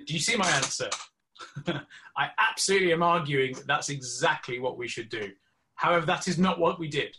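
A man's voice: fairly high pitch, animated, quick pace, background noise. A man, an intensivist, debating emphatically on a video call. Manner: emphatic, argumentative. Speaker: intensivist debating in a conference panel. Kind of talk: conference debate.

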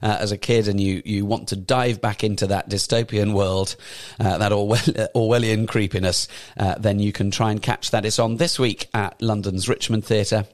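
A man's voice: on the low side, fairly even intonation, moderate pace, no echo, clean studio sound. Chatty enthusiastic man on theatre news. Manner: enthusiastic, rambling, self-correcting with asides. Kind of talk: casual chatty show roundup.

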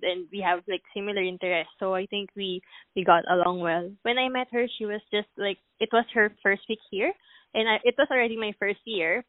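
A woman's voice: medium pitch, no room sound. A woman answering interview questions casually and hesitantly, often repeating words. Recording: tinny phone-like line, dry.

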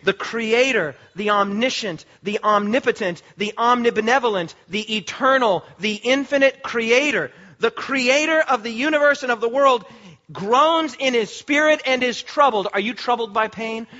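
A male preacher with a very high, bright, forceful voice delivers an impassioned sermon. He slows down and repeats phrases for emphasis. The recording sounds dull and lo-fi. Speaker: pastor.

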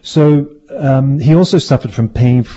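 A man's voice: medium pitch, a little slow, mellow. A man presenting a radio segment, telling history in a jokey, rambling, self-mocking way. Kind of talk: playful casual chat. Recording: dull lo-fi radio recording.

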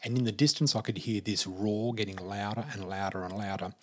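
Husky-voiced Australian man telling stories. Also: fairly low pitch, fairly even intonation, a little mellow. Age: 50s. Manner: unhurried, vivid storyteller. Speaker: podcast guest. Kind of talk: personal storytelling.

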